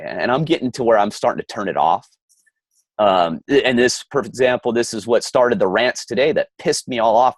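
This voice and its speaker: This lowish male voice belongs to a middle-aged podcast co-host who rants heatedly while chatting casually, frequently restarting with a stammer. The recording is dry.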